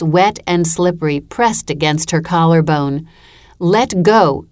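A woman reads a first-person story aloud in a measured, even storytelling manner, as an audiobook narrator. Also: low-pitched, clean tone.

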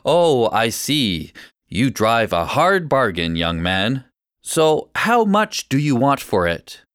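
A pushy, grinning investor, as a male reader puts him on, slow and smug as he tries to buy something. His pitch moves in lively swings, and the storybook reading is recorded dry and close. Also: no room sound. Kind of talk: audiobook reading.

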